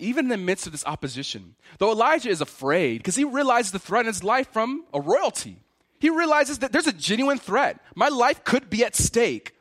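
In a clean studio recording without room sound, a high-voiced male pastor delivers an animated sermon. He gives Elijah's and God's words real feeling as he voices the biblical figures.

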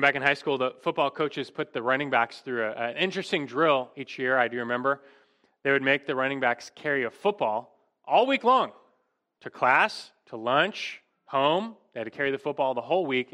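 Man, young adult, preacher, expository sermon, emphatic, bright tone, mid pitch. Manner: emphatic, rhetorical questions, rising to stress key words.

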